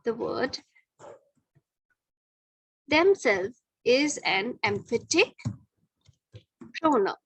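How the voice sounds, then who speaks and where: A woman's voice: fairly high pitch, sing-song, drawn-out words, pauses often, slight background noise, low-quality recording. A middle-aged woman teaching a grammar lesson to children, patiently repeating each point and checking with "okay".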